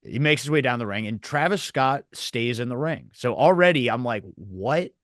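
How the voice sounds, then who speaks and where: A man co-hosting a casual wrestling review podcast, telling events in an animated way with acted quotes. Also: mid-range voice, normal speed, no room sound, clean studio sound. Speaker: podcast co-host.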